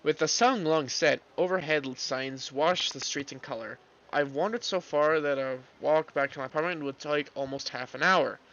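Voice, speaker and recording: A hoarse man from Canada, streaming while reading a visual novel aloud, casual, joking and swearing. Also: a little high, moderate pace, fairly bright tone. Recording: dull lo-fi.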